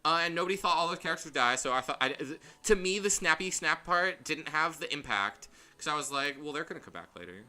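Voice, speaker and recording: A man chatting through a blind game playthrough, rambling and animated as he goes off on tangents. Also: a little high, brisk, few pauses. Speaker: game streamer. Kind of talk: casual gameplay commentary.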